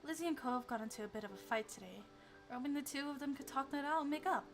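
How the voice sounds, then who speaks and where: A woman voicing a firm but caring mother in a story game, speaking calmly. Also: high voice, fast talker, soft background music.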